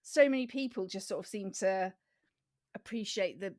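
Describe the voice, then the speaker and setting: A woman's voice: mid-range voice, normal speed, darkish tone, no room sound, clean studio sound. A woman, co-hosting a podcast in colloquial, bantering chat. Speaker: podcast co-host. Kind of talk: casual chat.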